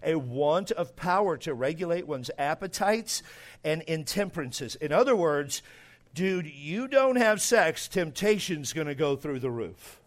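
High-voiced preaching man, drawl. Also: lively intonation, measured pace. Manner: emphatic preaching, swinging from quiet asides to loud bursts. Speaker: pastor. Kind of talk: sermon.

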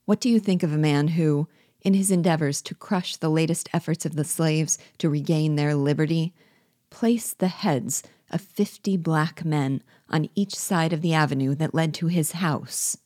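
A woman's voice: low-pitched, moderate pace, a little mellow, dry recording, clean studio sound. A woman reading the part of a cold, sardonic male rebel general, mocking and commanding. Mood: menacing.

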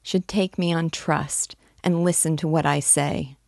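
A woman's voice: deep voice, fairly even intonation, measured pace, vocal fry, a little mellow, dry recording, clean studio sound. A woman reading the part of a shy, lonely, dreamy young man of twenty-six, in an earnest, pleading way.

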